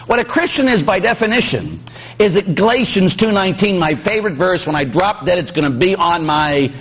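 A man's voice: high-pitched, brisk, breathy edge. A middle-aged man from Pittsburgh, a priest preaching a sermon with jokes, acting out quoted voices. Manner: animated, joking, acts out quoted voices.

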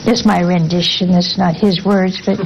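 A woman's voice: lowish voice, steady tone, moderate pace, creaky, highs cut off, heavy background noise. Folksy older woman preaching. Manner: folksy, asks rhetorical questions with a teasing "huh?". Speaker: religious sister giving a talk. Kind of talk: informal sermon.

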